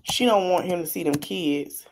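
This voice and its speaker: A woman's voice: fairly low pitch, normal speed, gravelly, darkish tone, slight background noise. A woman hosting a live podcast stream, reacting to a video with blunt, sassy, mocking commentary full of slang. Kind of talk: livestream commentary.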